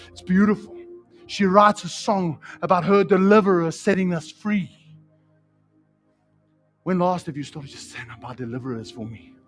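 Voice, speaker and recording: A man with a New Zealand accent preaching a sermon in a church, fiery and excitable, swinging from shouts to hushed tones and calling listeners bro. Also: a little high. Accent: New Zealand English. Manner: casual slang, calls listeners bro and man. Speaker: pastor. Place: church hall.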